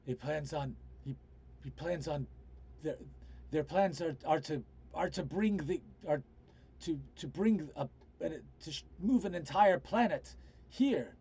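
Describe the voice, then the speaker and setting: A man voicing a worried older male scholar and father, speaking in halting, hesitant bursts over an online voice call. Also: fairly high pitch, warm tone, husky, pitched above the performer's own voice, exaggerated voice. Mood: grave.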